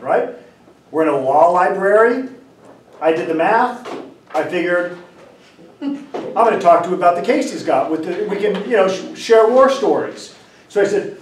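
A man lecturing and telling a story, acting out the dialogue, often clearing his throat. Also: sits high, normal speed. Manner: animated, acts out dialogue, frequent throat clearing. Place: lecture room. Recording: roomy lecture hall from far off.

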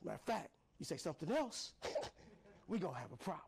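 A man voicing God as a fond, protective fatherly deity who speaks in a low, quiet, teasing tone. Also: very animated, brisk, vocal fry, slightly rough, heavily acted. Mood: affectionate.

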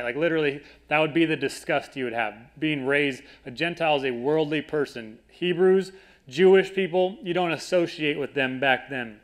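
A man's voice: medium pitch, normal speed. A young adult man preaching a conversational sermon and reading scripture aloud. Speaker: pastor. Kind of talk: sermon, Bible teaching.

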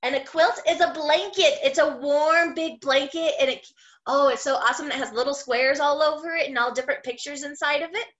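A kindergarten teacher, a woman with a high voice, leads young children through a phonics lesson. She sounds out each word slowly and clearly and praises them with cheerful encouragement. The recording is dull and lo-fi. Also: fairly bright tone.

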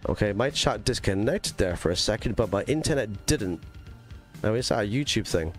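A man's voice: lowish voice, expressive, normal speed, faint music behind. A man with a mixed English and Scottish accent streaming a racing game live, chatting casually to his viewers with lots of fillers. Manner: chatty, rambling, talks to chat with fillers. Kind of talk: live gaming stream chat.

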